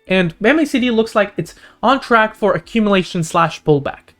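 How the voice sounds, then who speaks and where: A man hosting a stock analysis channel, walking through chart indicators and price levels, his voice going hoarse. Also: animated, a bit bright, faint music behind. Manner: rapid figures and indicator names, pitch jumping up on key points. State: losing his voice. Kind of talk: screen-share chart walkthrough.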